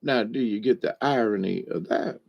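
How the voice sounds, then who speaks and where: A man's voice: on the low side, normal speed, creaky, darkish tone. A man telling a joke and then reflecting on faith in a folksy, rambling way with many fillers. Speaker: speaker on spiritual lessons.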